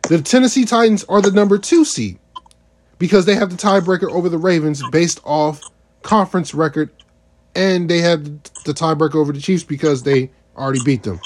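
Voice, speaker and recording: A man with a fairly high voice co-hosts a casual sports podcast. He works through his points methodically, reading off one item after another. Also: a little mellow, slight background noise. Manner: methodical, runs through lists step by step. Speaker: podcast co-host.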